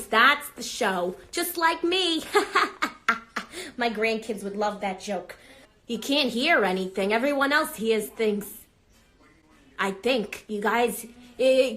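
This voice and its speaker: Woman doing brash older grandma, rambling, sidetracked, foul-mouthed, fairly high voice, phone livestream. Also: fairly bright tone. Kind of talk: improvised comedy character livestream.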